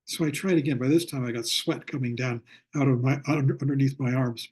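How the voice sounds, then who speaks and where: Older man teaching with a husky voice. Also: mid-range voice, darkish tone. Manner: reflective, slows down for emphasis. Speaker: Buddhist teacher. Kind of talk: online lecture with storytelling. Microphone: video call.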